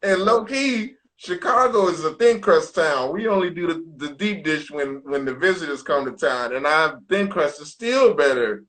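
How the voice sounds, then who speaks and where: A man's voice: a little high, expressive, normal speed, few pauses, fairly bright tone. A man hosting a casual video-call chat, laid-back and laughing along with his guest. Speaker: host.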